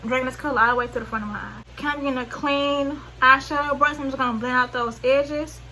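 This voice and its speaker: Bright, high Southern woman vlogger. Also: steady tone, quick pace, slight background noise, rough recording. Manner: chatty, rambling, slangy, loses track mid-sentence. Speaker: beauty vlogger. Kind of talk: casual makeup tutorial.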